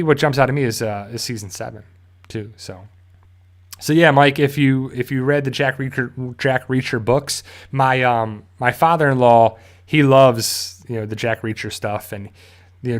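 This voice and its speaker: Man, live stream host, casual rambling chat, lots of fillers, average pitch. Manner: rambling, many fillers and restarts.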